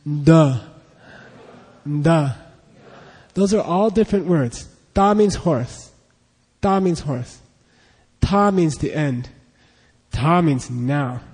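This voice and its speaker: A man's voice: fairly high pitch, lively intonation, slow pace, long pauses, darkish tone, slightly rough. A man teaching a class, leading a pronunciation drill and patiently repeating syllables for students to echo. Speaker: language teacher. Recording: long hall reverb.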